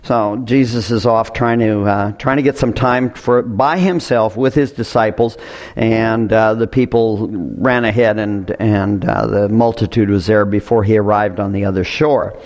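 A man's voice: on the low side, steady tone, measured pace, a little mellow. Male pastor reading scripture in church. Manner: conversational, reads scripture then comments with asides. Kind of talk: sermon with scripture reading and prayer. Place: church sanctuary.

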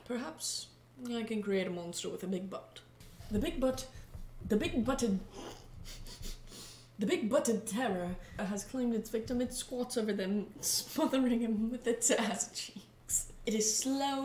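Playful woman vlogger in an echoey room. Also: fairly high pitch. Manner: playful, giggly, reads chatbot replies aloud. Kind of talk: casual comedic commentary. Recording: echoey room with noise and keyboard typing.

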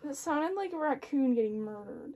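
A woman's voice: sits high, expressive, normal speed, dark tone, muffled recording. A young woman vlogging casually at home, chatty and laughing often as she cleans a bedroom. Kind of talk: casual chat.

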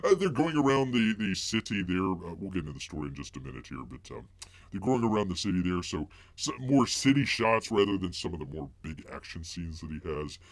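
A man's voice: low-pitched, sing-song, brisk, no room sound. A man hosting a live stream and reviewing comics, rambling with many fillers and speaking of himself in the third person. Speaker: livestream host reviewing comics. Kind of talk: casual live-stream chat.

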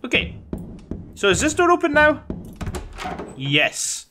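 This gaming host's voice is extremely high and sharp, swinging hugely in pitch while he talks slowly. He plays a horror game in a let's-play, casually commenting, cursing, and reading on-screen text, all captured in a home recording with clear background noise.

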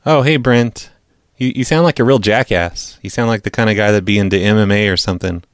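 A man's voice: lowish voice, brisk, no echo. A man hosting a prank call podcast, talking casually with dry, sarcastic teasing.

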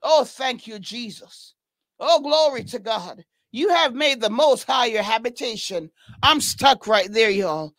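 A woman's voice: on the high side, animated, unhurried, fairly bright tone, dry recording. A woman leading an impassioned spoken prayer, crying out repeated praises and breaking into tongues. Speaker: prayer leader. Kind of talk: fervent spoken prayer and exhortation.

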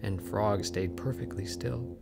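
A man voicing a mischievous trickster raven who narrates an animated film, teasing and playful. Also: lowish voice, creaky, over music. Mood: sly. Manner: teasing, slow storytelling with lively swings.

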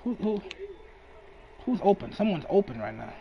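A man giving casual, excitable commentary while playing a basketball video game. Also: high-pitched, moderate pace, gravelly, dull audio. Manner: excitable, shouts and laughs at plays. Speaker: gaming commentator.

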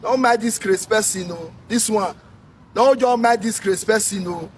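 Nigerian Pidgin man, very high voice, shouting rant, distant mic. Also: normal speed. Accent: Nigerian Pidgin English. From Edo State, Nigeria. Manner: shouting, sing-song scolding. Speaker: social commentator. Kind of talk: ranting commentary. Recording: distant mic with faint noise.

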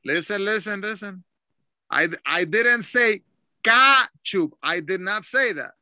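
A man's voice: sits high, lively intonation, measured pace, sharp tone, dry recording. A man teaching English over a video call, patiently drilling pronunciation and switching into Spanish. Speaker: ESL teacher. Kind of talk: online English lesson.

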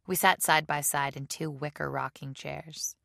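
A woman narrating a novel in a measured audiobook reading. Her voice is low and gravelly. The recording is dry, with no room sound. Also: fairly even intonation, sharp tone, no room sound. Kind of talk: scripted narration.

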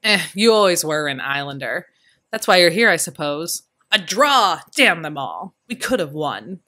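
A woman voicing a loud, brash, booming older father in an audiobook. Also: expressive, fairly quick.

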